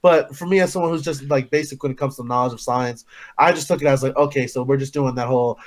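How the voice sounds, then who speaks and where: A man's voice: medium pitch, fairly even intonation, fast talker. A young man co-hosting a casual podcast chat, cracking jokes in easy slang and laughing hard. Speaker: co-host.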